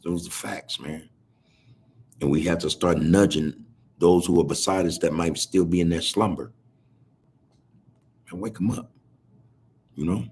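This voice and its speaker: A man's voice: low voice, a little mellow, slight background noise. A man hosting a podcast on a video call, talking in a preachy, rambling, drawling way. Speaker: podcast host. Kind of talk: casual commentary.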